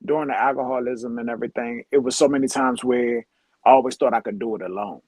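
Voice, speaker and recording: A man co-hosting a casual faith podcast, speaking haltingly, repeating himself as he searches for words. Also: mid-range voice, steady tone, a little mellow, slightly rough, no room sound. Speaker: podcast co-host.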